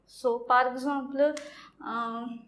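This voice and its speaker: A woman teaching a French lesson in a video lecture, halting and repetitive, often saying "okay". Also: sits high, fairly even intonation, fairly bright tone. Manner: halting, repeats words, says "okay" often.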